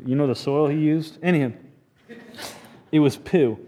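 A man preaching a sermon in a church, animated and joking, often restarting his sentences. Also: on the high side, normal speed. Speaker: pastor.

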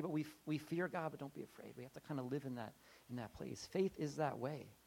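A man preaching a conversational sermon, animated and chatty, slipping into quick acted-out voices with frequent restarts. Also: medium pitch, gravelly, breathy edge.

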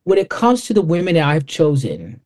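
A man's voice: on the high side, wildly swooping pitch, normal speed, darkish tone. Candid man guest telling stories. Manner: candid, storytelling, salty language. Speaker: podcast guest. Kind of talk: casual interview chat.

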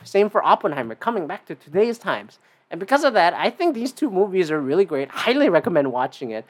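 A man hosting his own podcast alone, talking casually in a rambling, profane way with lots of fillers and big jumps in pitch. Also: very animated, fast talker. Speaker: podcast host. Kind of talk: casual solo podcast monologue.

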